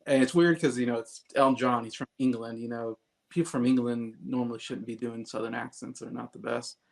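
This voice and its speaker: A man's voice: medium pitch, steady tone, brisk, creaky, a little mellow. A man co-hosting an album review, chatting casually in a rambling, hesitant way with many restarts. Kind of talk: casual chat.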